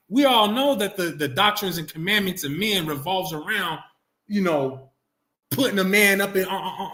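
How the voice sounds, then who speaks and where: He's a religious teacher who pulls answers from students through questioning, often restates things, and reads scripture deliberately and slowly. His voice sits high and sounds pushed and bright.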